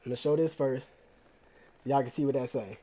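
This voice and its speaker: A young man with an Atlanta Southern accent telling stories casually to the camera, slangy and animated, repeating himself. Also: mid-range voice, quick pace. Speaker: vlogger.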